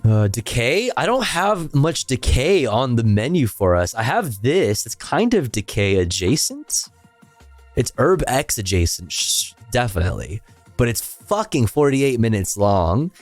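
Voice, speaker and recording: Slow, laid-back male streamer. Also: mid-range voice, sing-song, no echo, soft background music. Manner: laid-back, swearing, trailing off, humming to himself. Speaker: livestream host. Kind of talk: casual stream chat, reading chat.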